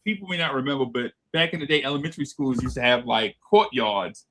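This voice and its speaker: A man telling a childhood story in casual chat, animated and acting out voices as he goes. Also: medium pitch, fast, a little hiss or hum. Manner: animated, laughing storyteller who acts out voices. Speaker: podcast co-host.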